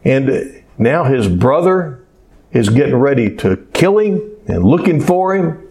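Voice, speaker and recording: A man's voice: medium pitch, big pitch swings, a little slow, gravelly, mellow. A man preaching a sermon in a folksy storytelling manner, often asking rhetorical questions. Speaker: pastor.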